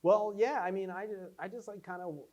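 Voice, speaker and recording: At a casual Q&A after a screening, a filmmaker answers audience questions in the screening room, his voice high-pitched, a little fast, and a little mellow. He rambles through behind-the-scenes anecdotes full of fillers, acting out quotes as he goes.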